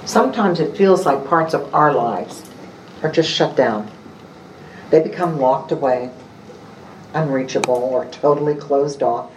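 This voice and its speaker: A preacher delivering a sermon after a scripture reading, speaking in short, measured phrases. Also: mid-range voice. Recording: roomy and distant with faint room noise.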